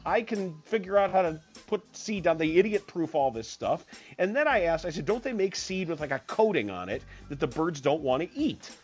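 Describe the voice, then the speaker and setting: A comic storyteller ranting in an exasperated, animated way and acting out each voice in the story. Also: medium pitch, a little fast, soft background music.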